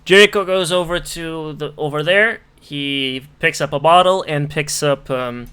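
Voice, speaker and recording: A man's voice: fairly high pitch, unhurried, pushed and bright, clear, resonant tone. A man running a tabletop game as game master, narrating with frequent restarts and fillers. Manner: hesitant, many restarts and fillers.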